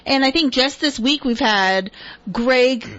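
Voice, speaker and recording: A woman's voice: high-pitched, slow pace, fairly bright tone, highs cut off. A woman co-hosting a radio show in casual chat, laughing often.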